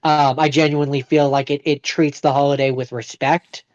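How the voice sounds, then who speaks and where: Man, podcast co-host, slightly high pitch, hesitant, many fillers, dull lo-fi audio. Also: level tone, moderate pace. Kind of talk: casual chat.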